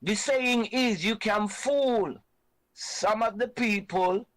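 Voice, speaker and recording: A Jamaican man hosts an online reasoning show and speaks with fiery conviction. He drives his points home by repeating them in a preaching way. His speaking voice is high for a man. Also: slow pace, a bit bright, rough recording. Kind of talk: impassioned reasoning talk.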